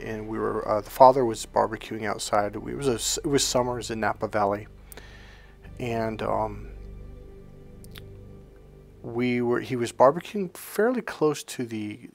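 Man, spiritual coach, casual rambling monologue, mid pitch, faint background music. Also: gravelly. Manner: conversational, checks in with "okay?"; rambling anecdotal storytelling.

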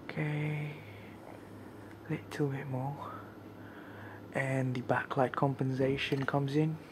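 A man vlogging casually outdoors at night while cold and shivering, talking to viewers with fillers and now and then dropping to quiet murmured asides, recorded on a camcorder's built-in mic. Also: mid-range voice, little pitch movement, slow, background noise. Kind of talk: casual vlog narration.

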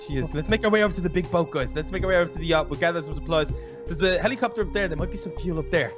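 A man playing a Minecraft role-play, talking fast and goofing while planning aloud. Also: fairly high pitch, over music. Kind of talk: joking in-character chat.

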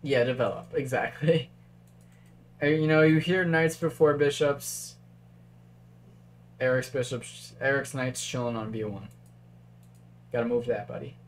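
A man talking through a chess game on a live stream in a loose, chatty way, musing over candidate moves and tossing replies to chat. His voice sits at an ordinary middle pitch, with a faint hum running underneath. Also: unhurried, pauses often. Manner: chatty, thinks aloud, reads chat. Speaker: chess commentator. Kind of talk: casual live-stream commentary.

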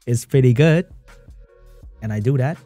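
A man giving live esports commentary on a stream, reacting excitedly, laughing often and chatting with his viewers. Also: mid-range voice, unhurried, dry recording, faint music behind. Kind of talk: live game commentary while reading chat.

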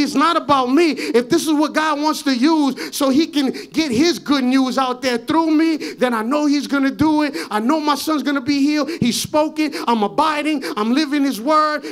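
A pastor preaching a sermon in a church on a handheld mic. He often repeats and restarts his words, and his voice swells into shouts as his passion builds. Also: extremely high pitch. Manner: impassioned preaching, rising to shouts. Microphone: handheld microphone.

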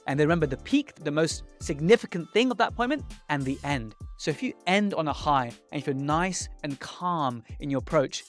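Earnest, fairly high-voiced podcast host. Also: male voice, animated, a little fast, hardly any pauses, faint music behind. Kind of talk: scripted podcast intro and interview.

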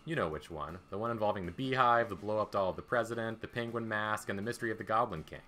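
Casting note: young male streamer, wry game narration, low voice with a bright edge, music underneath. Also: fast. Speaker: streamer reading a dating game. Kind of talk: reading game text aloud with asides.

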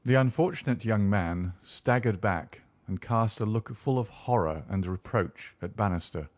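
A man narrating an audiobook in an even, measured storytelling manner. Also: lowish voice, no echo.

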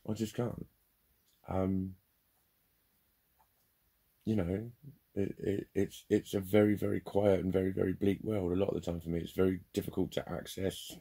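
In this loose vlog monologue, a man with a very deep, gravelly, husky voice and a dark tone speaks candidly. His rambling is full of swearing and jokes at his own expense.

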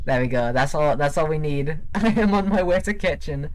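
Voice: mid-range voice, animated, moderate pace, few pauses. A streamer chatting casually during gameplay, playful and giggly, teasing chat.

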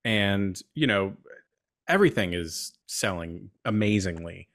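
A man's voice: on the low side, expressive, a little slow, a bit bright, no room sound, studio quality. A man hosting an interview, asking long and curious questions. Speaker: host.

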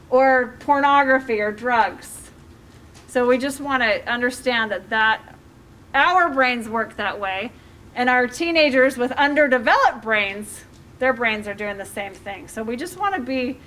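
A woman's voice: on the high side, fairly bright tone, slight background noise. A middle-aged woman, a life coach, giving a workshop talk to a group in a conversational way, with fillers and questions to the audience.

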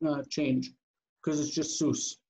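A man teaching an online grammar lesson, drilling terms slowly and deliberately and often checking in with the class. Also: fairly high pitch, level tone, darkish tone. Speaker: Biblical Hebrew teacher. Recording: dull lo-fi call audio, faint noise.

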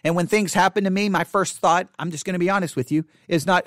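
A male pastor teaching catechesis in sermon style, emphatic and repetitive, hushing his voice for quoted thoughts. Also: sits high, fairly even intonation, fast talker, no echo, studio quality.

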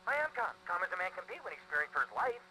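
An actor playing a nervous, jittery male lawyer who rambles fast in a video game. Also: very high voice, very animated, pushed and bright, a little hiss or hum, full character voice, low-quality recording. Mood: panicky.

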